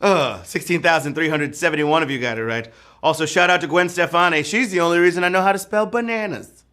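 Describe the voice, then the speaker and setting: A man's voice: fairly high pitch, fast, sharp tone. A man hosting a live trivia game show, joking playfully and breaking into whoops and sung bits.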